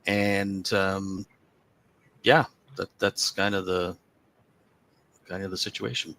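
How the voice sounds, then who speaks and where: Man, low pitch, sharp bright tone, wry self-mocking guest. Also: level tone, takes it slowly, creaky. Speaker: comic creator guest. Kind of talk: livestream chat.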